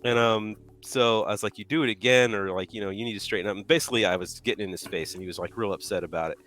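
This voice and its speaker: A man co-hosting a live painting stream, telling stories in a loud, animated way and laughing often. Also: on the low side, rapid-fire, soft background music. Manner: animated storyteller, acts out yelling, laughs a lot. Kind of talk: casual chat, telling stories.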